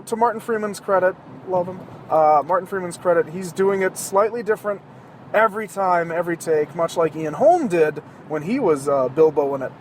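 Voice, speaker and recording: Man, high voice, casual rambling monologue, profane, sarcastic, joking, talking from a moving car, faint road hum. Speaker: podcast host.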